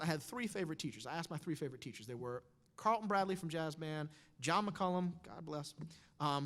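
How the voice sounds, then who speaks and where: A man in his thirties telling a personal story on stage with wry, animated delivery, quoting others in changed voices. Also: a little high. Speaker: speaker. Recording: long hall reverb.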